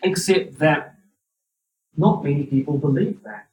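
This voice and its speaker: A man's voice: fairly high pitch, unhurried, dark tone. A man with a New Zealand accent giving a university lecture, with a wry, dry sense of humor. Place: lecture hall. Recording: roomy hall, distant mic.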